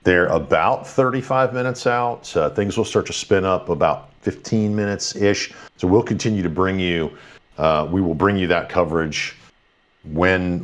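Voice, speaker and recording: A man hosting a live stream, thanking viewers and running through their messages in an upbeat, slightly tired way with lots of fillers. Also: low voice. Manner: upbeat, thankful, quick rundown with fillers and restarts. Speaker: livestream host. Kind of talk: live stream commentary, reading super chats.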